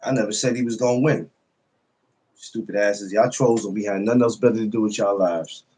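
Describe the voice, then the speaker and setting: A man's voice: fairly low pitch, fairly even intonation, fairly quick, dark tone, a little hiss or hum. A man hosting a casual podcast livestream, greeting viewers by name and talking loosely, with profanity and frequent laughs. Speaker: podcast host greeting live chat.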